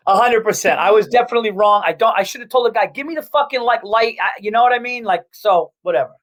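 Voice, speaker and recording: Brief: high-pitched male comic guest, animated rapid storyteller, swears freely. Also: poor audio. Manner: animated, quick and profane, lots of restarts. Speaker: comedian guest. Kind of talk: casual comedic storytelling.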